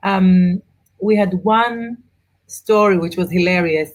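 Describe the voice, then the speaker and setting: A middle-aged woman, an author and mother of four, chatting in an interview and telling travel stories with animated asides. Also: medium pitch. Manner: animated storyteller, quick asides. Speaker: author and guest. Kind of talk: casual interview chat.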